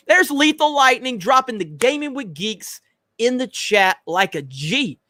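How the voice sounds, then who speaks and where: A man's voice: very high-pitched, sing-song, slow, sharp tone, no echo. A man hosting a livestream, reading chat in a blunt, profane, joking way. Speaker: livestream host.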